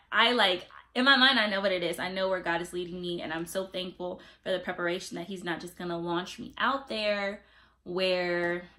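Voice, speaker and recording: A young adult woman vlogging in a casual, expressive way, giving faith-based encouragement with preacher-like emphasis. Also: medium pitch. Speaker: YouTube vlogger.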